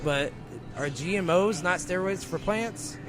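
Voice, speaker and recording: A man on a radio show, venting in a lively, exasperated, joking rant. His voice sits a little high. Music plays clearly underneath him. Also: measured pace. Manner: animated, exasperated ranting with laughs. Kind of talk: casual comedic rant.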